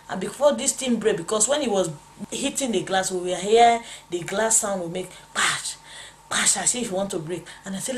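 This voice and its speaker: A woman's voice: mid-range voice, brisk, a little hiss or hum. A woman, a pastor's wife, telling a dramatic spiritual testimony in an emphatic, repetitive, exclamatory way.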